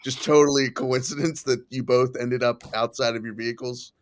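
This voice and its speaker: A man's voice: medium pitch, steady tone, a little fast, slight background noise. A man in casual podcast chat, wry and incredulous.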